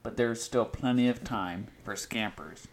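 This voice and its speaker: A man's voice: medium pitch, unhurried, slight background noise. A man on a podcast who drops wry, teasing remarks into the chat. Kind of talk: casual chat.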